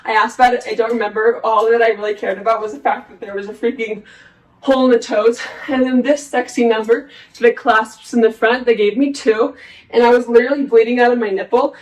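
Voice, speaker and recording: A woman's voice: fairly high pitch, fairly even intonation, fairly quick, poor audio. A young woman vlogging, telling a personal story in a chatty, candid, self-mocking way with lots of fillers. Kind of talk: casual storytelling.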